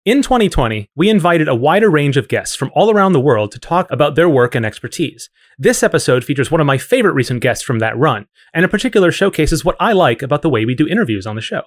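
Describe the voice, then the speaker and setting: A man's voice: a little high, sing-song, quick pace, few pauses. A man hosting a podcast, introducing an episode and chatting with a guest in a friendly way. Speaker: podcast host.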